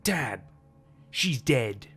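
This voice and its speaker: A distraught young woman in a storybook horror tale, pleading and insistent, as a male narrator reads her lines. The voice sits at an ordinary middle pitch with a gravelly, creaky edge. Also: expressive, unhurried, a bit bright, soft background music. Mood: frantic. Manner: pleading, shaken.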